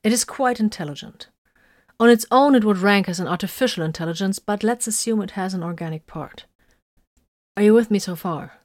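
A woman's voice: medium pitch, fairly quick, a little mellow, no echo, studio quality, lightly acted. A woman voicing a friendly, thoughtful younger male warrior working through an idea. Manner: friendly, explaining.

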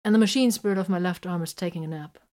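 A woman's voice: lowish voice, fast, a little mellow, natural voice. A woman voicing a cheerful, unflappable young male warrior with a breezy, good-humored manner.

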